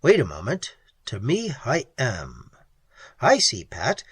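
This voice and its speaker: A man's voice: medium pitch, wildly swooping pitch, takes it slowly, a bit bright, breathy edge, no echo, full character voice. A man reading the part of a blunt, practical male explorer with dry humor. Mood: curious. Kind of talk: audiobook character reading.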